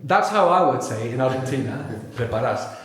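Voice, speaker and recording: A man leads a live language workshop in a very echoey hall, his voice bouncing around the room. He is animated, drawing words out slowly and repeating them so they sink in. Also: mid-range voice. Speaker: language teacher. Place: large echoey venue with live audience.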